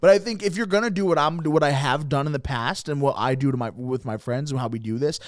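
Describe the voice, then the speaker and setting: A man's voice: fairly high pitch, quick pace, dry recording, studio quality. A man co-hosting a comedy podcast, rambling through casual banter and chuckling between jokes.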